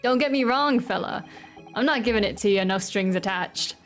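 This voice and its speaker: A woman voicing a wealthy, boastful gentleman with a shaky put-on Irish accent and a raised voice. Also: mid-range voice, normal speed, faint music behind, natural voice.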